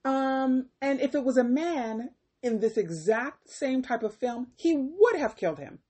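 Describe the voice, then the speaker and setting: A woman's voice: sits high, expressive, unhurried, warm tone. A woman ranting casually about a film she disliked, exasperated and emphatic, firing off rhetorical questions. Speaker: film reviewer. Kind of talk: casual film review rant.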